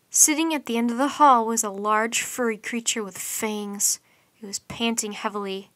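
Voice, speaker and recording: Reading at a normal speed, a woman brings a children's bedtime story to life in an expressive, lively way. Her voice is bright and a bit high, captured close up in a dry recording without echo.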